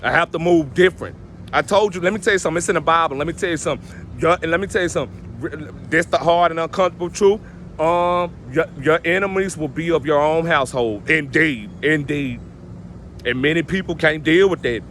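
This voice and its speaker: A man talking outdoors in a casual, motivational way, emphatic and a little preachy, with a voice pitched somewhat high for a man. He keeps circling back to the same phrases. Faint traffic noise sits behind him. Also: a little fast, fairly bright tone. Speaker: vlogger giving life advice.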